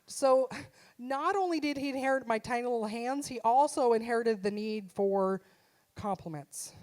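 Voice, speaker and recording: A woman's voice: a little high, moderate pace, darkish tone. A middle-aged woman, a mom, performing a punchy, self-deprecating stand-up comedy set live on a theater stage through a stage microphone. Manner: punchy, self-deprecating, acts out her son's voice.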